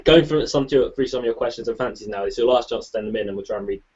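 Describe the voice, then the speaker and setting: A man's voice: medium pitch, a little mellow, husky. A man hosting a casual chat, reading out listener questions with jokey asides. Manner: chatty, jokey, quick asides. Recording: muffled lo-fi recording.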